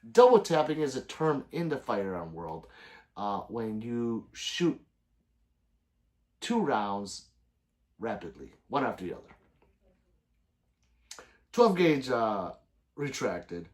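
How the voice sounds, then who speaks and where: A man hosting a casual livestream, reading viewer comments aloud, joking and swearing freely with loud sudden outbursts. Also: mid-range voice, very animated, takes it slowly, long pauses. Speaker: gun channel livestream host.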